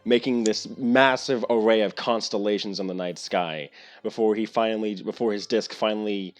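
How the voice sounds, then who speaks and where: A man's voice: lowish voice, normal speed. A man narrating as game master of a tabletop game, rambling with many fillers.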